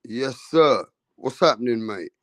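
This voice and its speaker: A man's voice: medium pitch, animated, measured pace, no room sound. A man hosting a casual boxing livestream, greeting viewers in the chat by name in slangy talk.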